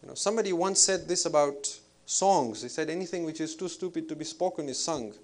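A man giving an Islamic spiritual lecture in a measured, reflective way, pausing with fillers as he thinks. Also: fairly high pitch. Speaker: Islamic preacher.

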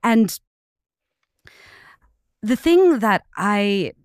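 A woman artist in a panel discussion who speaks in a reflective, measured way. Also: mid-range voice, very animated, clean tone, dry recording, clean studio sound.

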